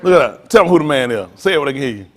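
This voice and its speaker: A middle-aged man pastor, teasing and preaching to his congregation in a joking, animated way. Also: mid-range voice, very fast. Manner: animated, teasing, talks straight to the crowd. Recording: long hall reverb.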